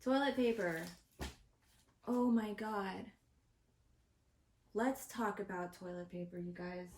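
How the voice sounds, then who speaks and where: A woman's voice: mid-range voice, slow, slight background noise. Swearing, ranting woman in an echoey room. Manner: profane, exasperated ranting. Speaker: vlogger host. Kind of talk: casual opinion rant to camera. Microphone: home recording setup.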